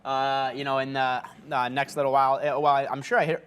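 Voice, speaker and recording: Medium in pitch, level and clean, his slightly fast voice has a fairly bright quality. He co-hosts a live day-trading stream from a studio, talking about the market in a loose, rambling way that keeps trailing off with filler words.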